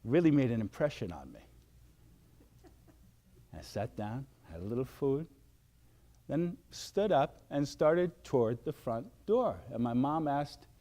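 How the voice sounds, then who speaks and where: Animated older man giving a pep talk. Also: medium pitch, a little slow, pauses often. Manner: animated, acts out shouted outbursts. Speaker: wellness speaker. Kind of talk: motivational talk.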